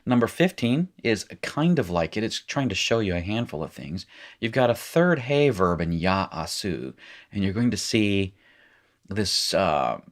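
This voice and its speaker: A man's voice: fairly low pitch, very animated, measured pace. A man teaching a recorded language lesson, talking through exercises in a rambling way with restarts and wry asides.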